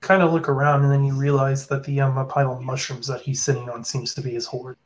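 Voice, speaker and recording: A man running a tabletop game as game master, narrating in a casual, halting way with fillers. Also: medium pitch, flat delivery, poor audio.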